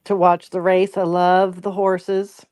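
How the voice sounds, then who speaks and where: A woman co-host in casual chat, talking quietly and relaxed while lying in bed. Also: lowish voice, slow pace, smooth, dry recording, studio quality.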